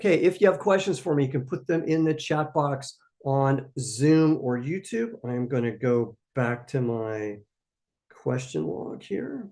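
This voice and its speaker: A man's voice: mid-range voice, expressive, unhurried, a little mellow. A man hosting a live question-and-answer stream for startup founders, giving emphatic, coaching answers and repeating his key points.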